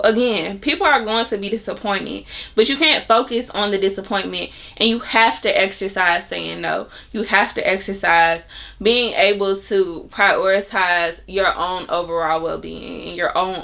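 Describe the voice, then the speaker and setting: A young woman with a bright, forward voice, giving self-help advice to her audience. She speaks in a loose, conversational way, with plenty of fillers and asides aimed right at the viewer. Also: mid-range voice. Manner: chatty, filler-heavy, talks straight to viewers. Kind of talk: casual advice monologue.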